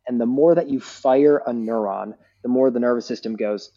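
A man's voice: medium pitch, brisk, few pauses, highs cut off. A man speaking as a guest neuroscientist in a casual podcast chat, explaining ideas like a teacher and often checking in with "right?". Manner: animated teacher, frequent "like" and "right?".

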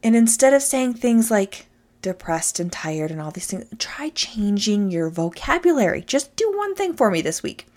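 A woman's voice: medium pitch, very animated, normal speed, a little mellow. A woman giving a motivational talk, speaking emphatically and addressing listeners directly.

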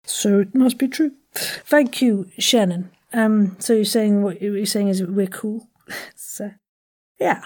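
A woman who hosts a podcast, leading a playful vocal warm-up lesson with crisp enunciation and frequent whispered asides. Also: medium pitch, slow pace. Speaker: voice acting coach and podcast host.

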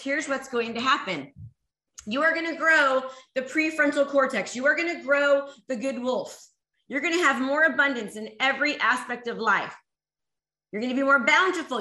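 A woman giving an energetic motivational talk to a live audience, repeating phrases and rallying the crowd to join in. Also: sits high. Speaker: motivational speaker. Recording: echoey room.

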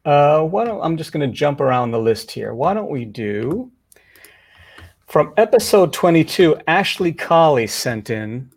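A man's voice: a little high, big pitch swings, unhurried. A man co-hosting a casual podcast chat, fumbling and thinking aloud. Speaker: co-host.

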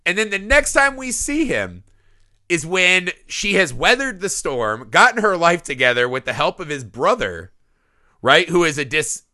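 A man in his thirties, co-hosting a casual movie review podcast, animated and profane, laughing often. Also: high voice, normal speed. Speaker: podcast co-host.

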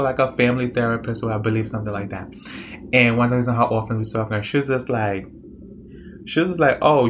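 A man's voice: medium pitch, a bit bright, slight background noise. Rambling man telling a personal story. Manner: rambling, conversational, many fillers and restarts.

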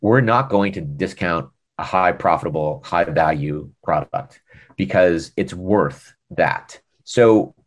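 A man with a deep, low American voice recounts a business story in easygoing interview talk. He is a lively storyteller who slips into the voices of the people in his anecdotes. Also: slow pace. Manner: animated storyteller, acts out quoted dialogue. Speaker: former e-commerce director, podcast guest.

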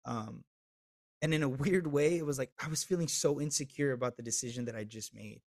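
A man in his thirties, a podcast guest telling a candid personal story with swearing, swinging between loud and hushed. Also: medium pitch, a little fast, no echo.

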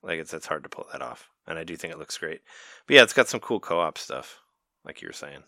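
A man co-hosting a casual podcast, giving blunt opinions with quick laughs and stammered repeats. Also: a bass voice, big pitch swings, sharp tone, no echo, clean studio sound. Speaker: podcast co-host. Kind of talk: casual chat.

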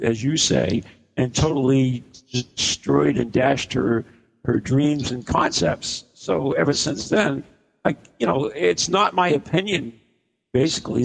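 Male radio host, gravelly voice, meandering on-air chat, long hall echo. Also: medium pitch, animated, a little slow. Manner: rambling, self-correcting. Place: inn function room at a live broadcast.

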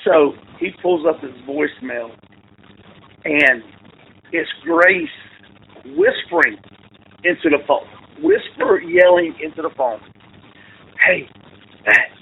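Male coach, rambling storyteller, gravelly, lively pitch, phone-line sound. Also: takes it slowly, pauses often. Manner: rambling, laughing, self-correcting anecdotes. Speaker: football coach, guest. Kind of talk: casual storytelling. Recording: tinny phone-like line with faint noise.

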